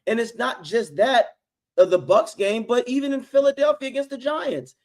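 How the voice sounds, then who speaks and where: A man's voice: extremely high pitch, normal speed. A man co-hosting a live sports reaction stream, fired up and blunt, calling out to his co-host as he talks. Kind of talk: casual sports reaction chat.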